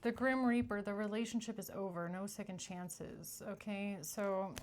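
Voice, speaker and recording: A woman's voice: medium pitch, steady tone, moderate pace, heavy background noise. Blunt, chatty woman reading tarot. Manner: chatty, blunt, repeats "okay?" and "like". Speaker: tarot reader. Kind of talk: casual tarot reading to camera.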